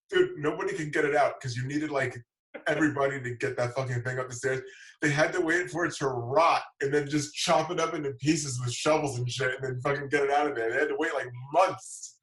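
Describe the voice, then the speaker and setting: A man's voice: a little high, fairly even intonation, brisk, a bit bright, reverberant, far from the mic, low-quality recording. A man telling a long, rambling story in casual chat, swearing freely and repeating himself as he goes. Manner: rambling, profane, repeats words.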